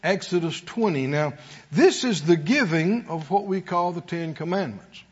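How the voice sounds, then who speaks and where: A man preaching a sermon to a congregation in a call-and-response style, sometimes rising to shouts. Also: on the high side, expressive, normal speed, slightly rough, dull audio. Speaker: pastor.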